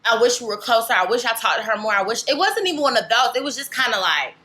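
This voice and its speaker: A woman's voice: a little high, lively intonation, fast talker, pushed and bright. A young woman vlogger chatting candidly to camera, rambling and filling with "like" and "legit". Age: young adult. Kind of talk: casual chat to camera.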